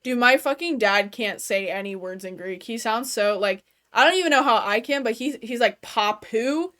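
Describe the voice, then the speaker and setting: A young adult woman streamer chats from her bedroom in a slightly high voice. Her talk is loose, meandering and casual, full of "like" fillers and easy swearing. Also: normal speed, a bit bright. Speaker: gaming streamer. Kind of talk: casual chat while streaming a game.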